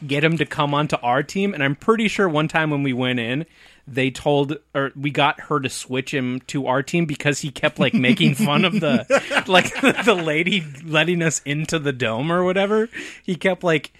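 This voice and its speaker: A man's voice: fairly high pitch, moderate pace, a bit bright, no room sound, studio quality. Easygoing podcast host man. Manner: easygoing, laughs often. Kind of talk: casual chat.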